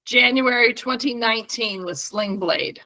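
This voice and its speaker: Bright-voiced chatty middle-aged woman. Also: a little high, unhurried. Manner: rambling storyteller, laughs often. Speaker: podcast co-host. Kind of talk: casual chat.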